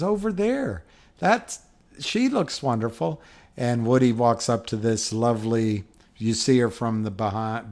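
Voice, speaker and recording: A middle-aged man talks at an unhurried, drawn-out pace, hosting a casual livestream. He wanders from thought to thought while answering viewers and laughs often at his own stories. His voice sits at an ordinary pitch for a man. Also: a little mellow. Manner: rambling, chuckles often. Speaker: livestream host. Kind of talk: casual chat reading viewer comments.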